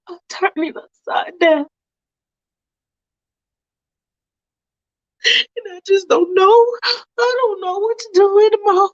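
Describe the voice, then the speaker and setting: A woman's voice: extremely high pitch, a little mellow, no room sound, pitched above the performer's own voice. A woman voicing a churchgoing wife who is sobbing and pleading desperately. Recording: dull lo-fi recording.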